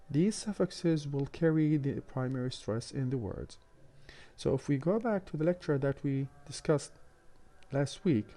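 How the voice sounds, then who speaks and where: A man lecturing university students on English word stress, speaking in a measured, explanatory way with frequent hesitations. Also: mid-range voice, mellow. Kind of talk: recorded online lecture.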